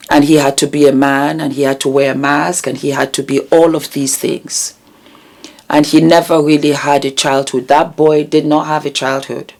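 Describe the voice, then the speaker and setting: A woman hosting her own channel, talking earnestly and emotionally about vulnerability and healing, with deliberate repetitions. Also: deep voice, vocal fry. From United Kingdom. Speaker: channel host. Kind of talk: reflective commentary vlog.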